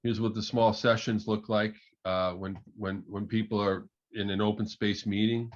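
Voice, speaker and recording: A man, a management consultant and keynote speaker, telling a story in a conversational, halting way with many fillers. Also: on the low side, level tone. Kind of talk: storytelling talk. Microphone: online call audio. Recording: muffled online call audio.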